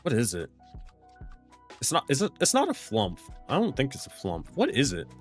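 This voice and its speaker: A young man who streams and runs games answers chat questions during a casual livestream Q&A, faint music behind him. His medium-pitched voice swoops wildly at a moderate pace, and he rambles loosely with restarts and casual swearing.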